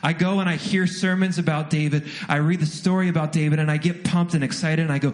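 A young adult man preaching a sermon, telling a story with lively, self-deprecating acted asides. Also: on the high side, normal speed. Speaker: pastor.

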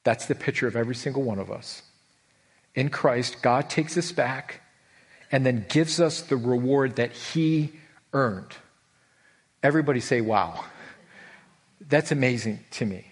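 A middle-aged man preaching a sermon as pastor, animated, with his voice leaping high for emphasis and slowing right down on key words. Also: slightly rough. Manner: animated, voice leaps high for emphasis, drawn-out slow stresses.

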